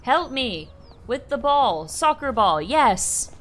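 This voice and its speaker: A young woman giving playful gameplay commentary, talking to game characters in an animated way. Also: sits high, a little slow. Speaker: gaming streamer.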